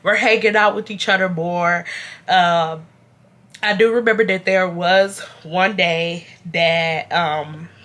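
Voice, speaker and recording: Speaking fairly low and slowly, a young woman who makes YouTube storytimes talks straight to viewers in a chatty, animated way. She's unwell and sick, yet her bright, forward voice still calls out "y'all" to the audience.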